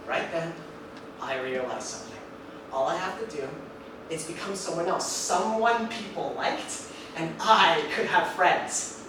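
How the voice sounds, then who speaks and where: A man in his twenties performing a one-man stage monologue, telling his story with animated asides to the audience. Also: high voice, unhurried. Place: live theater stage with audience. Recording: echoey stage recorded from far off with audience noise.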